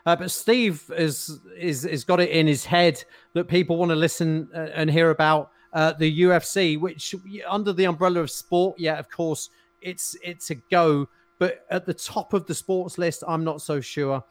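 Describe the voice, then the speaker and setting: A man co-hosting a podcast, telling crude stories in halting casual banter. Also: on the high side, fairly even intonation, no room sound. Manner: chatty, halting with fillers, crude humour. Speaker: podcast co-host.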